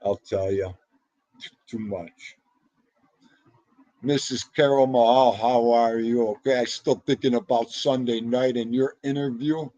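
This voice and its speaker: A man hosting a livestream in casual, chatty talk, excitable, with sudden jumps up in pitch. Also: unhurried, pauses often, no room sound, dull audio. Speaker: livestream host.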